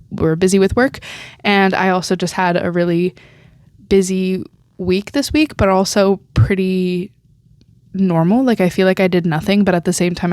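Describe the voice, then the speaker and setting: A young woman talks on her own podcast in a rambling, casual way, laughing often and slipping in ums and likes. Her voice sits on the low side for a woman and sounds teary at times. The recording is dry and close, with no room sound. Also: darkish tone, smooth, no room sound. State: teary and emotional. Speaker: podcast host.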